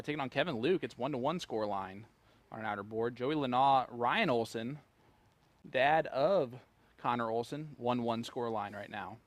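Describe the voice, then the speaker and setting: Man, darts commentator, chatty, joking, reads out stats, mid-pitched voice. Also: no room sound. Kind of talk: live sports commentary.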